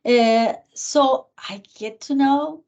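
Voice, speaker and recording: A woman's voice: high voice, slow pace. Middle-aged woman with a Spanish accent. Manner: earnest, animated, acts out remembered dialogue. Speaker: guest speaker, county commissioner. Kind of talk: interview storytelling. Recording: muffled lo-fi recording.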